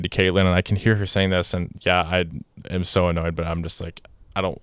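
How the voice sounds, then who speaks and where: A man's voice: sits low, level tone, fairly quick, a bit bright, smooth, no room sound. A young man hosting a podcast, telling a story in a casual, rambling way with many restarts, sounding exasperated. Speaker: podcast host.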